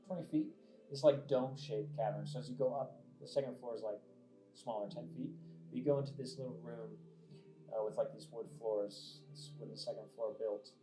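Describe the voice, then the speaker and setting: A man narrating a tabletop game as game master, casual with many fillers, in an echoey lo-fi recording. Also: mid-range voice. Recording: echoey lo-fi room with faint music.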